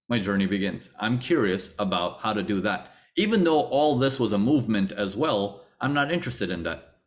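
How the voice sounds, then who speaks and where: A man teaching a trading webinar, telling his own story with acted-out thoughts and repeated phrases. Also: medium pitch. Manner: animated storytelling, acts out his past thoughts. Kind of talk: webinar lecture.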